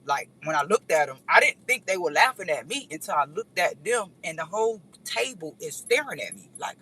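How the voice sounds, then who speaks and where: A woman's voice: on the low side, brisk, few pauses, breathy edge, poor audio. A woman vlogger telling a rambling story in a casual chat, speaking straight to her viewers. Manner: animated, rambling, addresses viewers directly.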